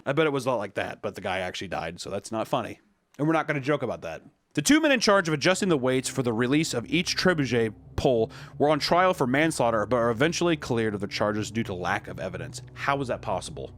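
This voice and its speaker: A man's voice: mid-range voice, big pitch swings, fast, fairly bright tone, slight background noise. A man reading a list aloud and riffing on it with casual, joking commentary, swearing and breaking into silly voices. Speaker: YouTube commentator.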